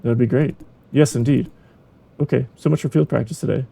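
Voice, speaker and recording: A man voicing a calm, encouraging male supervisor in a game, speaking in a measured way. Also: mid-range voice, vocal fry, slightly rough. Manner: measured, reassuring. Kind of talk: reading a game's dialogue aloud.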